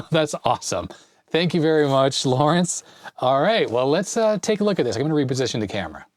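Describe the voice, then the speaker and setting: A man's voice: on the high side, very animated, brisk, no room sound. A man in his forties chatting casually as host, rambling happily through a mail-call unboxing of vintage parts. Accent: Canadian. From Canada. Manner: chatty and enthusiastic, rambling tech asides. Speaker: channel host. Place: home basement workshop.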